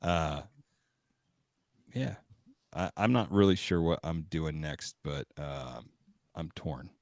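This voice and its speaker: Male podcast co-host: deep gravelly voice, relaxed teasing delivery. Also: takes it slowly, dry recording, studio quality. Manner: laid-back, trailing off, teasing. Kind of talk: casual chat.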